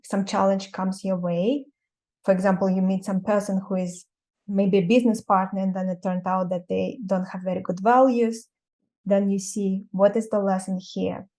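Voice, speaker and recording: A woman with a Russian accent hosts an interview, speaking in a measured, thoughtful way. Her voice is mellow and warm, with little rise and fall. She keeps to an even middle pitch. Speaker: interview host and coach. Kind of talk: interview conversation.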